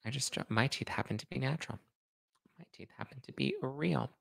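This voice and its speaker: A man's voice: mid-range voice, a little fast, vocal fry, fairly bright tone, breathy edge, no room sound. A young man hosting a podcast livestream, chatting casually and reading out viewer comments, with a slight lisp. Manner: chatty, rambling, self-deprecating. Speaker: podcast host reading live chat.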